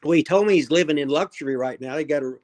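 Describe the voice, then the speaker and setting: A man in his seventies hosting a casual livestream, talking in a rambling, gruff way that trails off and restarts. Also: on the high side, quick pace, darkish tone. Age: 70s. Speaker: host.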